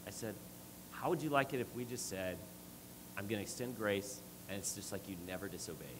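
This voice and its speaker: A man's voice: on the low side, fairly quick, noisy background. A middle-aged man preaching a sermon and telling a family story, with many restarts. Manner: rambling, restarts often, storytelling.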